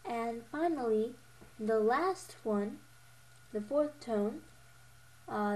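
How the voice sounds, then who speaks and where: A young woman with a slightly high, somewhat mellow voice speaks slowly with long pauses as she teaches a beginner Mandarin lesson. She patiently models each tone with repeats and corrects herself with a little laugh, coming across as a bit giggly.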